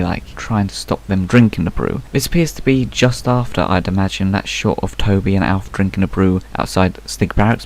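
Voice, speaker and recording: A man's voice: low voice, a little mellow. A young man casually talking through a game trailer, musing aloud with lots of fillers. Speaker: video game commentator.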